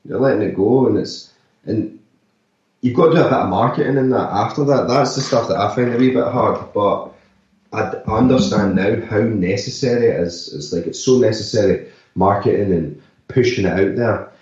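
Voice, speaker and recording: An actor and musician talking loosely in an interview, full of "like" and "sort of" fillers. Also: male voice, fairly low pitch, moderate pace, a little mellow. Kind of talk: casual interview talk. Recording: echoey, distant, slightly dull remote audio.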